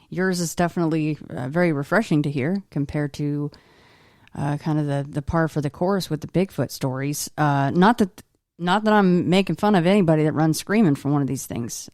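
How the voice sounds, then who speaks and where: Low-voiced woman podcast host. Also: a little mellow, no echo, clean studio sound. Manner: conversational, tag questions like "right?". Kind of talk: interview questions.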